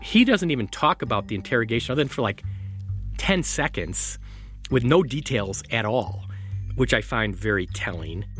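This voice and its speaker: A man's voice: mid-range voice, animated, moderate pace, fairly bright tone, soft background music. A male attorney giving an interview, sounding skeptical and incredulous as he picks apart a witness's story. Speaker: defense attorney. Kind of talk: recorded interview.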